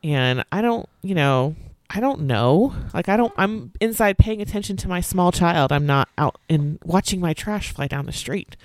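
A woman in her thirties co-hosting a podcast, telling an animated story, acting out quotes and swearing freely. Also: fairly low pitch, moderate pace, hardly any pauses, no room sound. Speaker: podcast co-host. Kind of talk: casual chat, storytelling.

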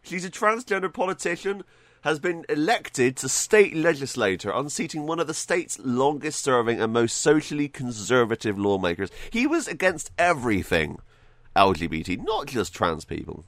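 A man's voice: medium pitch, sing-song, normal speed, a bit bright, dry recording. A man hosting his own podcast, chatting casually and joking, laughing often and tripping over repeated words. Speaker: podcast host. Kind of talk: casual solo podcast commentary.

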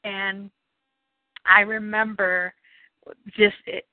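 Speaking at a moderate pace in a fairly low voice, a New Orleans woman recounts her childhood during an interview, animatedly performing quoted people in raised voices. The audio is dry and tinny, as over a phone line, and has no echo.

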